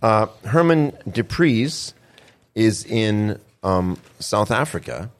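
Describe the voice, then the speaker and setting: A man with a fairly low voice hosts a casual news talk show. He rambles through stories and often stumbles into restarts. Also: lively intonation, slow pace. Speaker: show host.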